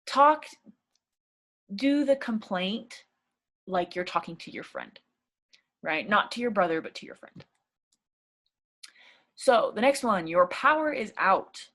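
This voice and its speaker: A woman teaching a casual English lesson, talking through examples with many fillers and acting out sample phrases. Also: mid-range voice. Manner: chatty, many fillers like "you know" and "right?"; acts out sample phrases in a lively voice.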